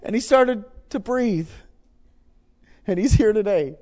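A middle-aged man with a rather high voice preaches in an emphatic, storytelling way. He drives his points home by repeating himself. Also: expressive, slow pace, dark tone. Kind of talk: sermon testimony.

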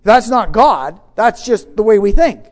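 Male preacher, high voice, storytelling sermon, halting restarts, hushed then loud. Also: expressive.

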